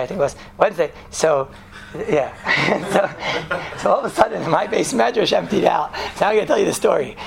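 Gravelly rabbi giving a lively Torah class. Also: male voice, sits high. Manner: animated, joking, uses many Yiddish and Hebrew terms.

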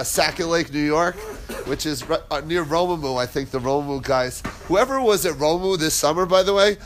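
A man's voice: fairly high pitch, fairly bright tone, slight background noise. A man teaching a casual Torah class, chatty and digressive, who drifts into stories and laughs as he tells them.

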